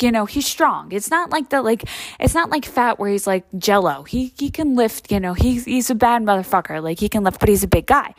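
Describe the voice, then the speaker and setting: A woman in her thirties talks in a loose, rambling way, swearing often and leaning on "like" and "you know." Her voice sits at an ordinary middle pitch for a woman. The recording is dry, with no room echo. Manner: rambling, profane, heavy use of "like" and "you know". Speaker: vlogger. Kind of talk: casual rambling chat.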